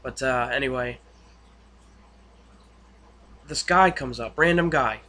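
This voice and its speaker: Bright-voiced man rambling through a recap. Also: mid-range voice, slow. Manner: rambling, filler-heavy retelling with excited asides. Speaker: TV episode reviewer. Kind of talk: casual spoken episode recap.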